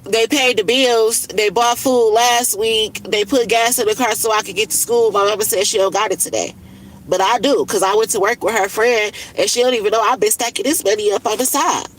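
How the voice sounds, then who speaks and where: A woman's voice: fairly high pitch, fairly even intonation, brisk, low-quality recording. Blunt, profane woman in her thirties venting. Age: 30s. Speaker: livestreamer. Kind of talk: casual venting monologue.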